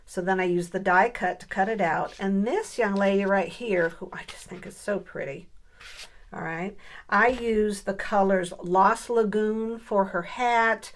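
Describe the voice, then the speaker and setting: A middle-aged woman chatting casually through a crafting tutorial, thinking aloud as she works and asking her viewers questions. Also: mid-range voice. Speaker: papercraft vlogger.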